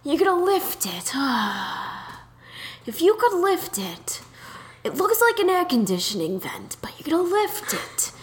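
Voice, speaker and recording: A woman's voice: high voice, big pitch swings, slow pace, pitched above the performer's own voice, heavily acted. Woman putting on an exasperated older landlord. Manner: sighing, repetitive, weary instructions.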